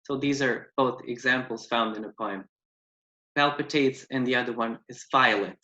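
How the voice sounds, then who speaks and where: A man with a bright, forward voice walks through a phonetics presentation and reads out example words one by one. The sound is dull and lo-fi, and the room adds a noticeable echo. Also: medium pitch, normal speed. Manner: explanatory, reading out word examples.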